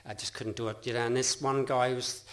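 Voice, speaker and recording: A middle-aged Australian man speaks at a meeting, telling his own story in an earnest, rambling way. He often restarts his sentences and breaks into laughter, and his voice sits at an ordinary middle pitch. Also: flat delivery, fast, fairly bright tone. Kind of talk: personal testimony talk.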